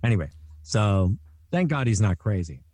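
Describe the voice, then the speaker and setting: A middle-aged Canadian voice actor with a low, warm tone talks through his career stories in a relaxed interview. He is lively and keeps breaking into quick impressions of people he worked with. The sound is close and dry, with no room around it. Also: no room sound. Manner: animated, jumps into quoted voices. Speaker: voice actor guest. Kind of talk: casual interview storytelling.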